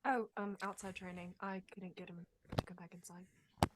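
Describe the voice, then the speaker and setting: A woman voicing a caring adventurer who softly checks on a friend in a tabletop game. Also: mid-range voice, flat delivery, normal speed, heavy background noise, lightly acted. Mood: concerned. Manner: soft, gently concerned questions. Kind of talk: tabletop role-play in character.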